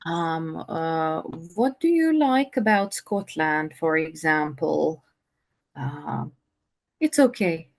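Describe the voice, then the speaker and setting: Slow-speaking woman teaching English. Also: deep voice, animated. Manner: slow, patient, many fillers. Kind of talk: online conversation lesson.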